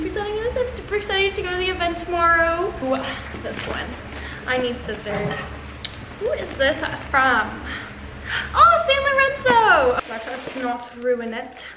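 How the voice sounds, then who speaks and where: Young woman, vlogger, bubbly, gushing, casual, echoey room, faint background hum. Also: sits high. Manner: gushing, bubbly, filler-heavy. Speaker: influencer vlogger. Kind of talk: casual haul vlog.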